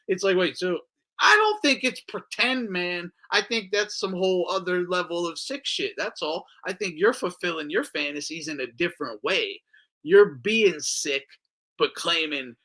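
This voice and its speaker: A man talks on a casual podcast, slipping into quoted voices and cursing freely. His voice is bright and a little high, and it jumps widely in pitch as he gets worked up. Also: moderate pace. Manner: animated, swears a lot, acts out quoted voices. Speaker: podcast co-host.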